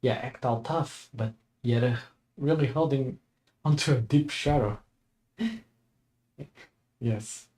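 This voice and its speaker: A man's voice: mid-range voice, slow, pauses often, a little mellow. A young man chatting casually as he streams a game for the first time, laid-back and chuckling often. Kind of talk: casual let's-play commentary.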